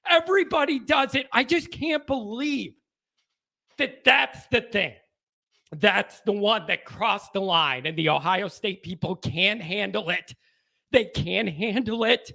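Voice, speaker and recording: A man hosting a sports call-in show, ranting and shouting in bursts, worked up and sweating. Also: sits high, animated, unhurried, creaky. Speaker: sports radio host. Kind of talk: fired-up call-in rant.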